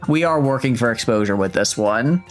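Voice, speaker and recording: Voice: mid-range voice, animated, moderate pace, soft background music. A streamer rambling and joking through casual commentary on a game, laughing often.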